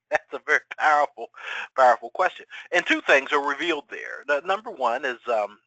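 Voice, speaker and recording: A middle-aged man giving a webinar presentation to financial advisors, energetic and full of rhetorical questions. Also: on the high side, a little fast, no echo, rough recording. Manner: energetic, rhetorical questions, acts out quoted clients.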